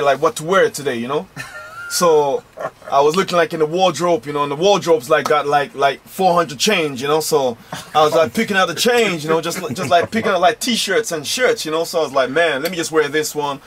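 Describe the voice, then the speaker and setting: A man's voice: a little high, normal speed, a bit bright, a little hiss or hum. A man from London with an American Southern accent, a rapper guest talking laid-back and slangy in a radio studio. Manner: laid-back, slangy, many fillers like "man" and "you know". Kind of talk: casual radio interview.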